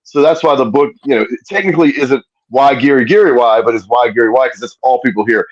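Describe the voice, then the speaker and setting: A man's voice: medium pitch, fast, no room sound. A man, a podcast guest telling stories in casual chat over a call. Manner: laid-back storyteller. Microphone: earpiece on video call. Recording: dull lo-fi sound.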